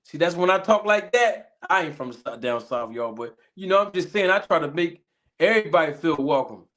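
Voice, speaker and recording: A man from Philadelphia with a Philly accent hosting a casual livestream, greeting viewers with drawn-out shout-outs and catchphrases while a little sick. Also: on the high side, lively intonation. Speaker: livestream host.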